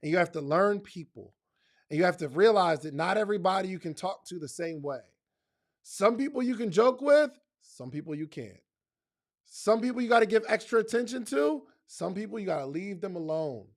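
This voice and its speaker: A man's voice: sits high, lively intonation, normal speed. A man giving a motivational talk in casual slang, emphatic and speaking straight to his listeners, often repeating phrases for effect.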